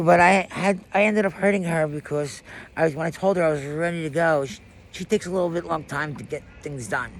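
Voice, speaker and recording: A man's voice: high voice, creaky, a bit bright, slight background noise. A man in a raw personal monologue, rambling, emotionally distressed and swearing often. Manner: profane.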